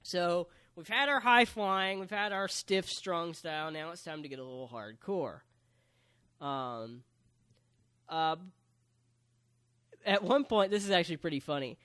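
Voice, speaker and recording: A man with a fairly high voice talks through a match for a podcast in a relaxed, chatty way. He jokes as he goes and describes the action step by step. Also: a little slow, long pauses, smooth. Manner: joking, play-by-play recap. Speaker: podcast co-host recapping wrestling. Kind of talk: casual chat.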